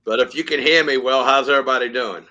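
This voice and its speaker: A man's voice: mid-range voice, quick pace, pushed and bright, muffled recording. A man joining a live stream as a guest over a video call, flustered while fixing his setup. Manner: flustered, fumbling with tech. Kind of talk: casual video-call chat. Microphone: remote video call.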